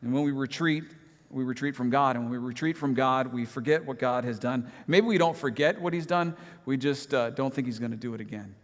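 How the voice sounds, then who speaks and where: A man's voice: medium pitch, brisk, big-room sound. A man preaching a sermon, telling a personal story in a conversational, self-deprecating way with humorous asides. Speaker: pastor. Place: church sanctuary.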